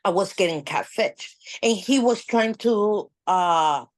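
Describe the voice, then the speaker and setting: A woman guest on a podcast, telling a story in a casual, animated way, with nonstandard English grammar. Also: medium pitch, slow pace, dry recording. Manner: animated, acts out quoted dialogue.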